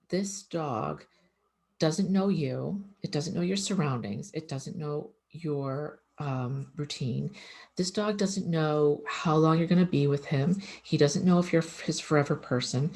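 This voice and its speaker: A woman with a low-pitched voice talks casually to the camera as an animal communicator. Her delivery is earnest and gentle, dotted with ums as she explains things. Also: measured pace, vocal fry.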